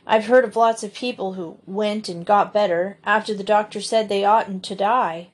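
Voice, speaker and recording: A woman's voice: mid-range voice, fairly even intonation, normal speed, breathy edge, natural voice. A woman voicing a plain-spoken farm boy who talks in an earnest, folksy way.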